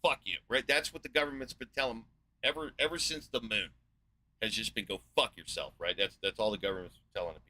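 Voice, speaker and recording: A man in his forties from the United States, giving a profane, sarcastic and exasperated rant as a video host, rambling with filler pauses. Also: mid-range voice, fairly even intonation, pushed and bright, poor audio. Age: 40s. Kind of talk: ranting monologue.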